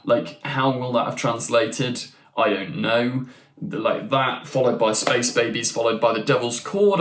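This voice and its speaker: A young man hosting a casual ranking video. He talks in a chatty, enthusiastic way, with restarts and asides. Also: mid-range voice. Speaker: YouTube channel host. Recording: roomy echo.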